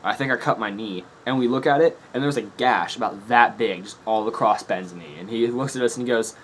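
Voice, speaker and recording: A man's voice: medium pitch, a little fast, a bit bright. Rambling laughing young man. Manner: rambling, laughing, swearing often. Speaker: vlogger. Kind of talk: casual storytelling to camera. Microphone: camera mic.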